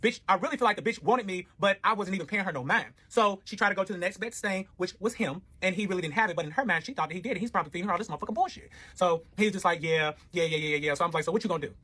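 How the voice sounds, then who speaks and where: Fast-talking husky man telling a story. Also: high voice. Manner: profane, rambling, animated. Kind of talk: casual storytime.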